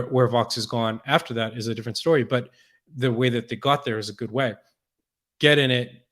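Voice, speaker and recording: A man's voice: medium pitch, a bit bright. Man talking with frequent restarts. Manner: thoughtful, many restarts and repeated words. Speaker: podcast guest. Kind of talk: conversational interview.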